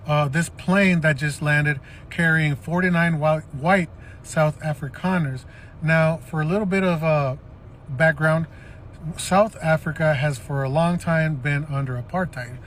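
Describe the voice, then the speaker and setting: A man speaking to the camera in a measured, disappointed tone, asking viewers for their opinions. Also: a little high, fairly bright tone, a little hiss or hum. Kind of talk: commentary video addressing viewers.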